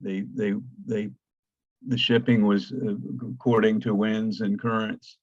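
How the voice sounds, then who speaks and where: An older man giving a slide lecture, his low voice full of ums, false starts and calls for the next slide. The sound is dull and lo-fi, very dry, with no room around it. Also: level tone, no echo. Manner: halting, many fillers and restarts. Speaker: guest lecturer, archaeologist. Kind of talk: slide presentation talk.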